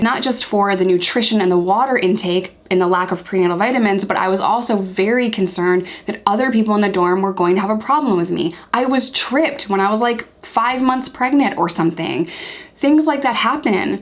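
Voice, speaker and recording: A young woman from the United States hosting her own vlog, speaking earnestly and with open outrage, repeating points for emphasis. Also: mid-range voice. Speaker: YouTube channel host. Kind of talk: impassioned commentary vlog.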